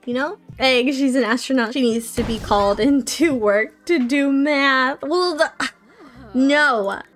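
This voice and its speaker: A woman's voice: sits high, unhurried, fairly bright tone, faint music behind. Chatty woman scolding her game characters. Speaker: gameplay streamer. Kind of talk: casual let's-play commentary.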